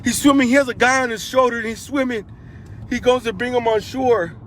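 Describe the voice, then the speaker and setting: A very high-pitched, fairly bright male voice holds a steady tone and moves fairly quickly over slight background noise. The speaker, an eyewitness, gives an earnest, emotional first-person account, repeating points and restarting sentences, his urgency mounting as he retells it.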